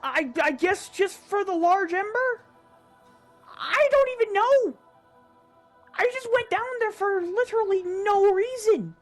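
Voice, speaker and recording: A woman's voice: very high-pitched, moderate pace, few pauses, faint music behind. A woman narrating her own gameplay footage in casual commentary, exasperated, self-mocking and swearing freely. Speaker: gaming YouTuber.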